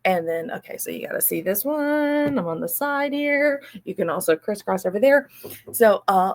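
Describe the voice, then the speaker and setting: A woman hosting her own money mindset channel, talking casually and upbeat to her viewers and slipping into soft guided breathing passages. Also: mid-range voice, expressive, normal speed. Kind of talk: casual personal talk to camera.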